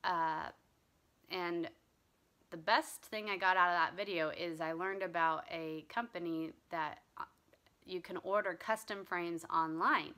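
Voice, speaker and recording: A woman chats casually in a slow, unhurried vlog. Her voice sits a little low but sounds bright and forward. She rambles with plenty of ums and restarts. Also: steady tone. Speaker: cross-stitch vlogger. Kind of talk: casual chat.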